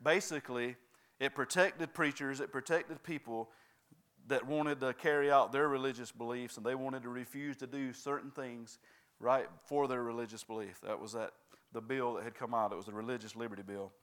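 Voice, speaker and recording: A male preacher delivers a sermon, working the congregation with steady calls of "right?" and "amen?". His voice is smooth and resonant, sitting at an ordinary middle pitch for a man. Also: moderate pace.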